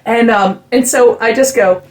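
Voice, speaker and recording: Excitable storytelling woman on a podcast. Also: on the high side, normal speed, noisy background. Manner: animated storyteller, many "like" fillers, rising excitement. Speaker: guest musician telling a story. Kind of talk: casual podcast chat.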